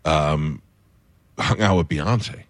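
Host, middle-aged man, low voice, dry close mic, blunt humor. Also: drawn-out words, no room sound. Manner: blunt, jokey questions. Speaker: radio host. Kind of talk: casual interview chat.

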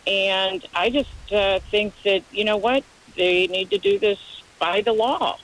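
A woman's voice: mid-range voice, fairly even intonation, a little slow, low-quality recording. A middle-aged woman calling in to a radio show, blunt and opinionated. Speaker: caller. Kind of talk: call-in opinion.

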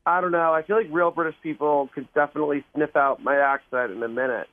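A sheepish man from Canada calls in, speaking a little high. His voice comes down a thin, phone-like line, dry and close. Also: steady tone, fast, no room sound. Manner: sheepish, embarrassed. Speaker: caller.

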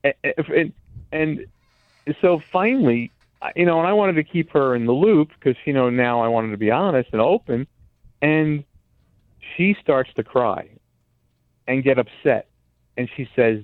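Homem ao telefone, voz metálica, fala hesitante. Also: male voice, fairly high pitch, normal speed, smooth, dry recording. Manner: rambling, with many restarts. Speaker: caller. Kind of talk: phone-in storytelling. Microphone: telephone. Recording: tinny phone line.

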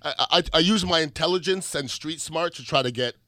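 A man hosting a radio show, telling a story in a casual, animated way and acting out the quotes. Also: a little high, a little fast, no room sound, clean studio sound. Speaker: radio host.

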